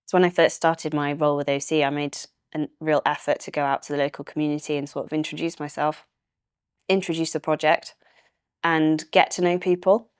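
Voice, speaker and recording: A young woman with a Welsh accent talks about the land she manages in an easy, enthusiastic way, laughing often. Her voice sits low and comes across smooth and clear. The recording is dry and close. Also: fairly quick, dry recording. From Wales. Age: young adult. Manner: chatty, laughs easily, relaxed and enthusiastic. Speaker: estate manager, guest. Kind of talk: casual interview chat.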